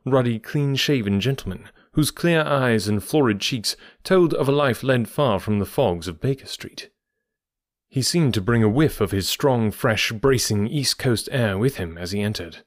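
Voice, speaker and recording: A man narrating an audiobook in the first person with a steady, even storytelling delivery. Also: medium pitch, normal speed, dry recording, studio quality.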